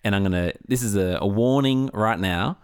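A man's voice: lowish voice, normal speed, smooth, no room sound, studio quality. A man co-hosting a podcast, blunt and joking, laughing easily. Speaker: podcast co-host. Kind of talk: casual chat. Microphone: studio microphone.

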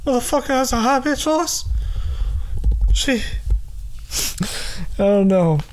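A man's voice: extremely high pitch, expressive, takes it slowly, darkish tone. Rambling young man hosting a comedy podcast. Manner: loose, rambling, full of fillers and silly bits. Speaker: podcast host.

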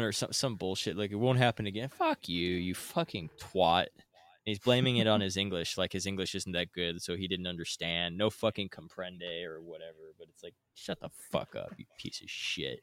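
A man's voice: low-pitched, normal speed, a bit bright, no room sound. A man on a casual gaming podcast, ranting and swearing constantly.

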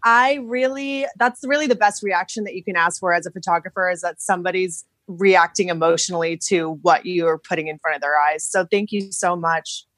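A woman's voice: fairly low pitch, steady tone, fairly quick, hardly any pauses, a bit bright, no echo. A woman photographer being interviewed on a podcast, bubbly and chatty. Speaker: guest photographer. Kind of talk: casual interview.

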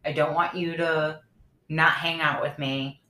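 A woman's voice: low-pitched, a little slow. A woman in her thirties co-hosting a casual podcast, telling a personal story candidly and acting out the lines of the people in it. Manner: candid storytelling, animated retelling of dialogue. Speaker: podcast co-host. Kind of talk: casual chat. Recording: echoey room.

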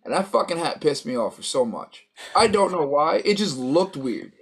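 A man's voice: on the high side, animated, moderate pace, slightly rough, soft background music. A man casually recapping a story, rambling with many fillers and acting out quoted lines. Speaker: co-host recapping a show. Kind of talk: casual chat.

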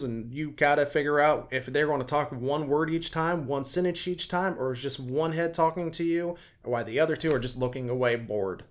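Animated higher-voiced man chatting. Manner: animated, acts out quoted voices. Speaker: podcast co-host. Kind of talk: casual chat.

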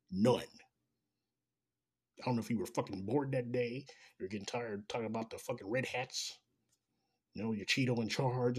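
A man in full rant, swearing through nearly every sentence and dripping with sarcasm. His voice is husky and breathy, sitting at an ordinary middle pitch for a man. He talks straight at his audience, heated and scornful. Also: darkish tone. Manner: angry, profane, sarcastic. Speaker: commentator. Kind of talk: ranting commentary.

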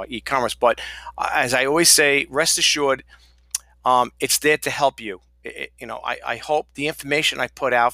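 Gravelly, bright-voiced male podcaster. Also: fairly low pitch, no room sound. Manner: rambling, chatty and self-deprecating. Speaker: podcast host. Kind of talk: casual solo podcast talk.

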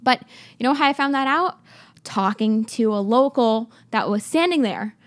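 A woman's voice: fairly high pitch, animated, moderate pace. A young woman telling travel stories to her viewers in a chatty, filler-heavy way. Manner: chatty, many fillers, addresses viewers directly. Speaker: travel vlogger. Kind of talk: casual travel storytelling.

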